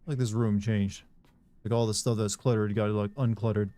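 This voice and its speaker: A man's voice: lowish voice, little pitch movement, normal speed, warm tone. A man from Michigan giving casual let's-play commentary, rambling and chatting with viewers as he plays. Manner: rambling, chats with viewers between gameplay. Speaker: gaming streamer.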